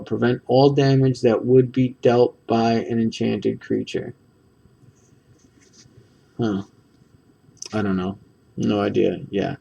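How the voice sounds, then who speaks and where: A man with a medium-pitched, gravelly, warm voice with a breathy edge sits far from the mic as he goes through trading cards on his own channel. His card-opening commentary is casual and rambling, full of ums, restarts, and self-corrections.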